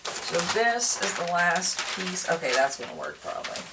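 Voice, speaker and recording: A woman's voice: fairly low pitch, sing-song, moderate pace. A woman vlogger chatting casually to herself while wrapping gifts at home, with self-mocking asides. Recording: distant mic with background noise.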